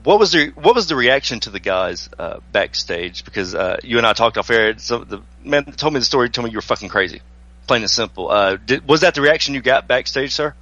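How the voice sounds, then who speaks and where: A man's voice: mid-range voice, animated, brisk, sharp tone, no room sound. A polite man hosts a radio interview, asking long questions in a deferential way and calling his guest sir. The sound is a little dull and lo-fi, and the room is dry. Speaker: radio show host.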